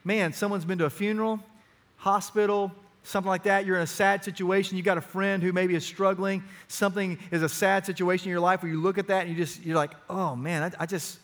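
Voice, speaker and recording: A middle-aged man preaching to his church in a notably high voice. His delivery is earnest and pressing, climbing to urgent emphasis on his key points. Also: fairly bright tone. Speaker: pastor. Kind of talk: sermon.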